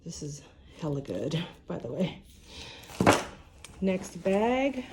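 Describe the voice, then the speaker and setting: Chatty woman in her forties, low voice. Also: very animated, takes it slowly, long pauses, noisy background. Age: 40s. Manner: chatty, rambling with frequent restarts and fillers. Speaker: vlogger. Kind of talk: casual vlog chat. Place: at home.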